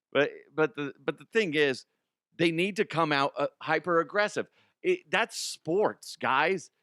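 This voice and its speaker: A man's voice: on the high side, pushed and bright, clean tone, no echo, clean studio sound. A man hosting a comedic sports news show, blunt and crude in his jokes. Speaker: host.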